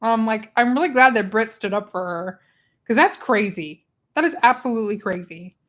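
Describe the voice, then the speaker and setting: A woman hosting a casual book club livestream, chatty and expressive, who laughs often, talking into a small clip-on mic. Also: fairly high pitch, normal speed. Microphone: small clip-on microphone.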